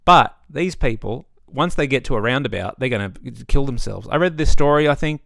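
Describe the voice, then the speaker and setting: A man's voice: medium pitch, lively intonation, fairly quick, creaky, a bit bright, no echo, studio quality. A young man, ranting casually and sarcastically at home, swearing often. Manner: ranty, sweary, sarcastic asides. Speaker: gaming vlogger. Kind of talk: casual opinion rant. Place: home setup.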